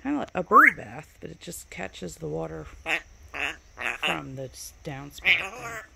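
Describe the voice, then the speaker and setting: A woman's voice: low-pitched, lively intonation, a little slow, vocal fry, sharp tone, slight background noise. A woman giving a casual, chatty tour of her home garden outdoors, pointing things out as she walks. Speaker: vlogger showing her garden.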